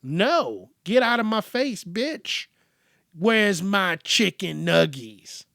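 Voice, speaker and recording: A man's voice: high voice, sing-song, slow pace, vocal fry, a bit bright, no echo, studio quality, pitched above the performer's own voice, heavily acted. A man voicing a spoiled little kid who whines rudely, demanding junk food. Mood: bratty. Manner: whiny, rude, demanding.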